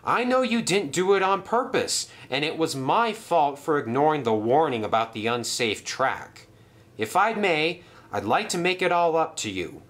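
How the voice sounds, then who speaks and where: A man's voice: a little high, sing-song, normal speed, fairly bright tone. A man voicing a good-humoured male engine who speaks politely and with a chuckle. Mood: gracious.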